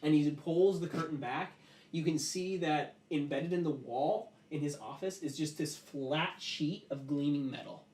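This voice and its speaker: A man's voice: on the high side, a little mellow, roomy sound, far from the mic. A man narrating a tabletop game as game master, in a casual style full of fillers.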